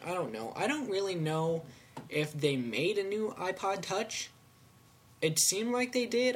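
A fifteen-year-old boy hosting a casual tech podcast from home, rambling and excitable with lots of fillers. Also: a little high. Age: teens. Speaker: podcast host.

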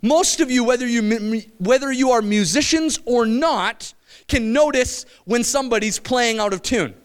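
A man preaching a sermon to his church, animated and conversational, slipping into quick quoted voices. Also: very high voice, smooth.

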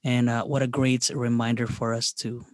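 A man hosting a faith podcast, earnest and reflective, pausing often on fillers as he speaks. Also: mid-range voice, flat delivery, no room sound, studio quality. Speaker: podcast host.

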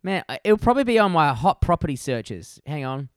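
A man tells a story in a heated, profanity-laced rant, co-hosting a casual podcast. His voice sits a little high and comes through smooth and clear. The sound is dry, as if he is speaking close to a video-call mic. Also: a little fast, dry recording. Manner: ranting, swearing, animated storytelling. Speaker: podcast co-host.

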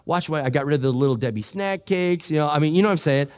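A middle-aged male pastor preaching a sermon, telling a joking, animated story with quoted voices. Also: on the high side, fast, clean tone. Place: church sanctuary.

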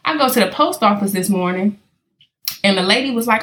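A California woman hosts a casual podcast, speaking straight to her listeners as a chatty storyteller. Her medium-pitched voice is expressive, brisk and a bit bright, with slight background noise.

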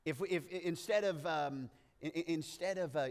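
A man preaching a sermon, joking and animated, with playful asides and frequent stammering restarts. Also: on the high side, moderate pace, long reverb tail. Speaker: pastor.

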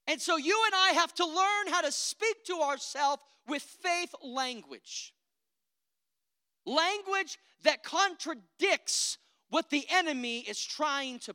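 A high-voiced woman preacher drives her sermon with emphatic, rousing lines and calls for amens. Her tone is bright and forceful. The recording is close and dry. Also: no room sound.

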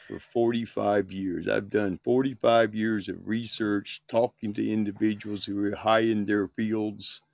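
An older man on a radio talk show, joking deadpan with boastful tall tales. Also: fairly low pitch, unhurried, gravelly, hardly any pauses, no echo, studio quality. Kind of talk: casual radio show banter.

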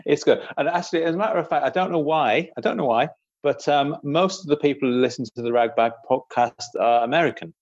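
A man's voice: a little high, fast, a little mellow, dry recording, muffled recording. Dry, rambling man chatting. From Britain. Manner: rambling, self-deprecating, laughs often. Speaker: podcast host and audiobook narrator. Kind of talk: casual podcast chat.

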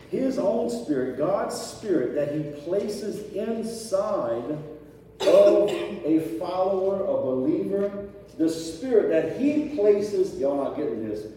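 A man preaches to his congregation in a relaxed, talky sermon, his mellow voice sitting a little high. He keeps asking the room whether they follow him. The sound is distant and washed in the long reverb of a large hall, with faint ambience underneath. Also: a little hiss or hum. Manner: conversational preaching with rhetorical questions to the congregation. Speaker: pastor. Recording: echoey hall picked up from afar, faint ambience.

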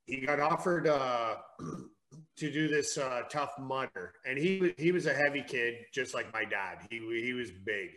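Bright-voiced man telling stories. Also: medium pitch, animated, unhurried. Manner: swearing, laughing storyteller. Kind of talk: casual storytelling chat.

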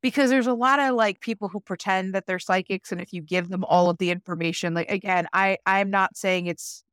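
A woman in a casual podcast chat with a middle-pitched voice reacts to her co-host with short interjections. The sound is dry. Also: steady tone, brisk, a bit bright, clean tone, dry recording.

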